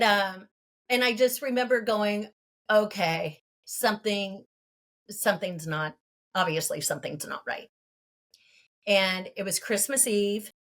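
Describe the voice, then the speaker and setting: A woman in her fifties from California, a podcast guest telling a personal story in an earnest, halting way and laughing between thoughts. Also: mid-range voice, a bit bright. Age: 50s.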